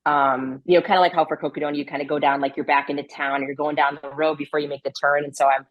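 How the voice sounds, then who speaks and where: A woman's voice: low-pitched, little pitch movement, quick pace, muffled recording. A woman guest in a casual interview, talking with lots of fillers and frequent laughs. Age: adult with a grown daughter. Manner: chatty, filler-heavy, laughs often.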